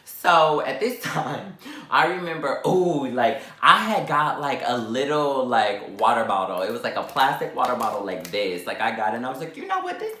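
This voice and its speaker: A vlogger eats while telling an animated, dramatic storytime, acting out quotes with big jumps in pitch. He talks at a normal speed in an echoey room.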